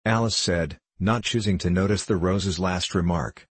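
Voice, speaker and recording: A man reads a storybook aloud in a measured, even way. His voice is low and husky, and the recording is dry and close, with no room sound. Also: no echo. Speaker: narrator. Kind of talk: audiobook reading of a storybook.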